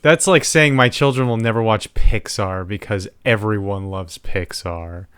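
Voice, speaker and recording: Man, father, podcast co-host, dry sarcastic quips, low voice, dead-dry close mic. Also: a little slow, a bit bright, clean tone, no room sound. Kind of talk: casual comedic chat.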